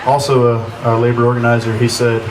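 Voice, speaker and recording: A man giving a halting, informal eulogy at an outdoor memorial, full of pauses and dry jokes. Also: mid-range voice, little pitch movement. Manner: hesitant, many "uh" fillers, dry humor. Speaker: memorial speaker. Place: outdoor gazebo. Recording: echoey, distant, noisy.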